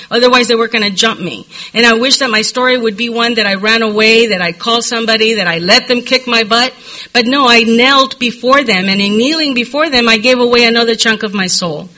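A middle-aged woman speaks into a podium microphone, giving a candid personal testimony at a recovery meeting. Her voice is very bright, and her storytelling is loose and confessional, with frequent "you know" fillers. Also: fairly high pitch, rough recording.

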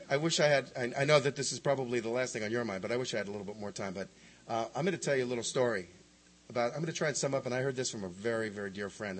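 A man with a husky, slightly rough voice speaks quickly and emphatically at a recovery meeting. His storytelling is animated, with big swings between loud bursts and quiet asides. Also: medium pitch, low-quality recording. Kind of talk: personal recovery talk.

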